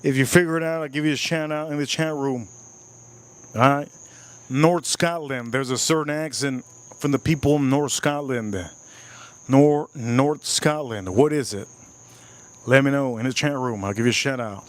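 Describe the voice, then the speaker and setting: A man with a medium-pitched voice speaks at a normal speed while hosting a casual livestream. He tastes and reviews whiskey, joking with his chat in a playful, repetitive way.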